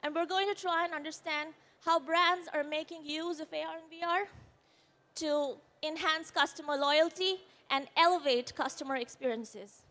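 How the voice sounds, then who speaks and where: A woman with an Indian English accent and a high-pitched voice speaks from a conference stage. Her delivery is earnest and explanatory. She is shaken after an accident, and a slight quiver runs through her voice. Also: fairly even intonation, normal speed, sharp tone. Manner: earnest, explanatory, with brief apologies. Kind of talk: presentation talk.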